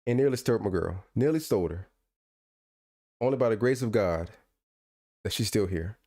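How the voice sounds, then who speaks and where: A man with a fairly low voice co-hosts a podcast at a moderate pace. In casual conversation he spins animated stories, rants playfully, and tends to repeat himself and start over.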